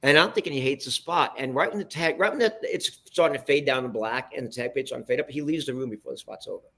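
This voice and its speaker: A man telling behind-the-scenes stories as a guest on an interview show. He speaks in an animated, restarting way, often turns to address the listeners, and sits at a middle pitch for a man. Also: fast. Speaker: guest, television producer. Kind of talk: storytelling in a podcast interview.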